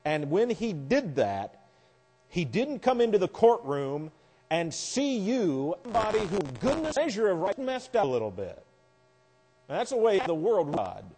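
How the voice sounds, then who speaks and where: A man's voice: high voice, very animated, unhurried, a little mellow, a little hiss or hum. A man teaching a Bible class lecture, explaining verses step by step with wry asides. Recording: long hall reverb.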